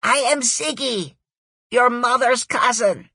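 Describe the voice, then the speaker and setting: Woman doing a raspy, loud German-Australian man. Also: fairly high pitch, slow pace, dry recording, pitched above the performer's own voice, heavily acted. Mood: insistent. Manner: loud, pleading. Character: raspy insistent male cousin with a German-Australian accent.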